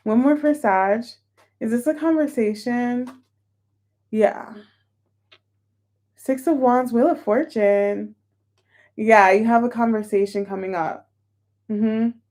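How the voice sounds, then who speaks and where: Female tarot reader, talks casually and gets emotional, somewhat high pitch. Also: fairly even intonation, slow, long pauses, a little mellow. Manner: chatty, emotional, exclamatory. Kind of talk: casual tarot reading for viewers.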